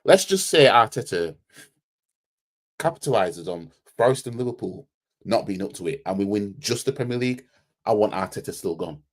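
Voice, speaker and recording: A man's voice: lowish voice, animated, moderate pace. A man hosting a football fan channel, giving a heated, blunt match reaction full of slang and repeating himself for emphasis.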